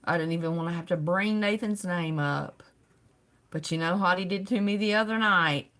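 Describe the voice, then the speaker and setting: A woman's voice: on the low side, moderate pace, fairly bright tone. A middle-aged woman hosting a casual livestream, greeting viewers by name and laughing often. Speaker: livestream host.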